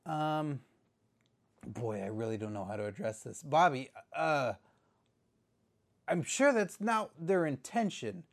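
Brief: nervous male host, stammers and placates, pitch jumping all over. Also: expressive, takes it slowly, long pauses. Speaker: show host. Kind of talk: comedy sketch interview.

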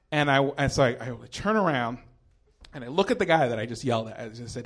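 Animated high-voiced man telling a story. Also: quick pace. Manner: animated, swears freely, shouts quoted lines. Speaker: storyteller at a live storytelling show. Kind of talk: comic storytelling on stage.

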